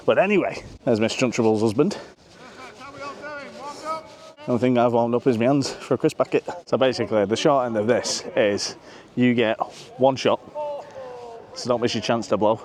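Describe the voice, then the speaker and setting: A man's voice: lowish voice, darkish tone. A man vlogging outdoors at a football stadium, joking crudely, swearing freely and out of breath. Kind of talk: casual chat to camera.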